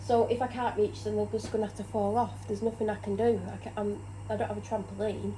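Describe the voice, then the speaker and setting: A woman's voice: mid-range voice, flat delivery, fast talker, mellow, a little hiss or hum, rough recording. A tired woman rambles in casual chat about her day while cooking in her home kitchen. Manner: rambling, chatty, self-deprecating. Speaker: vlogger.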